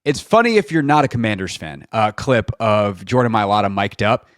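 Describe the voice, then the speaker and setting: A man's voice: lowish voice, big pitch swings, moderate pace, a bit bright, dry recording, clean studio sound. A man hosting a sports radio show, breaking down football film in a casual, chatty way with lots of fillers and restarts.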